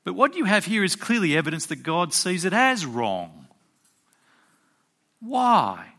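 A man's voice: high voice, very animated, a little slow, a bit bright. A man preaching a sermon as pastor, emphatic and full of rhetorical questions to his congregation.

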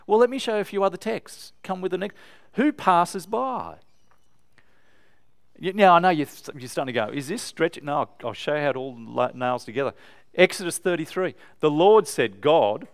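A man preaching an animated, emphatic sermon to a live congregation in a church. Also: fairly high pitch, smooth.

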